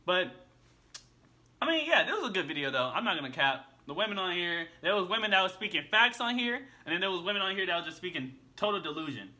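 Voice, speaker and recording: High, bright-voiced man reacting bluntly. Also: animated, fast talker. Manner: blunt, repeats himself, slangy with "bro". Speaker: reaction video host. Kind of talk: casual reaction commentary.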